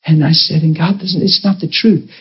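A man's voice: on the high side, fairly even intonation, normal speed, husky, muffled recording. A man preaching to a congregation and telling an emotional story, acting out the voices of the people in it. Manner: emotional, acts out quoted voices. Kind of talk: storytelling sermon.

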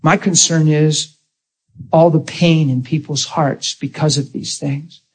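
A man's voice: a little high, steady tone, takes it slowly, a little mellow, breathy edge. A man preaching a sermon in a folksy storytelling way, acting out the voices of people in his stories.

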